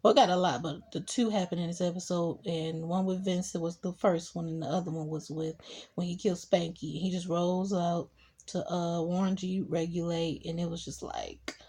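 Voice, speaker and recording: A young woman with a husky, mellow voice gives a casual recap of a TV episode. She tells it in an animated way and slips into short acted quotes of the characters. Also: fairly low pitch, moderate pace. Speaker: TV show reviewer.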